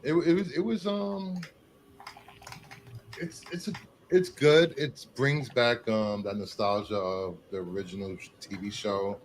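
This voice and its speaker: A man hosting a casual comic book podcast, animated and teasing. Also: medium pitch, a little slow, background noise. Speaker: podcast host. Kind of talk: casual chat.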